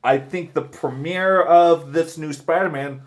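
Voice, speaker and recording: Podcast host dude, fairly high voice, jokey and loose, swears casually. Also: male voice, unhurried. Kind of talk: casual chat about movies.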